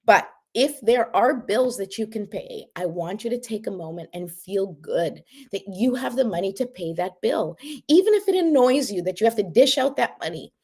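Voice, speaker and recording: A woman's voice: mid-range voice, lively intonation, moderate pace, darkish tone, slightly rough. A middle-aged woman from Canada giving a casual motivational talk as a life coach, chatty and full of asides. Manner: chatty, many asides, says "right?" and "like" often.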